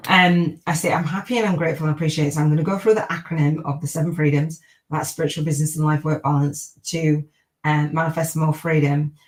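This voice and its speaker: A woman's voice: low-pitched, steady tone, fast talker, rough recording. A middle-aged woman hosting a live-streamed podcast, chatting in an upbeat, rambling way and repeating gratitude affirmations. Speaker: podcast host.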